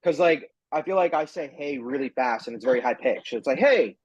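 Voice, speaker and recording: A man's voice: mid-range voice, fairly quick, slightly rough, highs cut off. A man in a sales training group, reflecting on how he sounds and demonstrating his own delivery. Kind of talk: casual group discussion.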